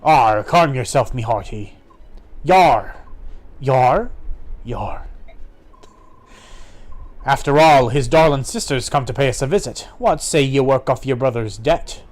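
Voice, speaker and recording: A man's voice: medium pitch, slow, long pauses, natural voice. A man voicing a boastful, mocking pirate with a growling pirate accent while reading game dialogue on a stream. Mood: taunting. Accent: put-on pirate accent. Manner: pirate dialect, growling, swaggering. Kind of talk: live-streamed game playthrough.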